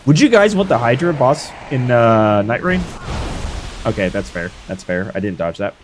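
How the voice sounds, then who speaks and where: A man's voice: medium pitch, normal speed, soft background music. A young man streaming a game live, hyping up his fights and chatting casually with viewers. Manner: excitable, hyped shouts while fighting.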